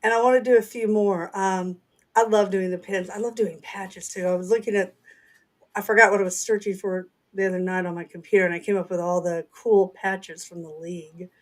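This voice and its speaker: A woman's voice: medium pitch, steady tone, brisk. A middle-aged woman with a Southern accent, co-hosting a casual chat and laughing often. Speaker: author and co-host.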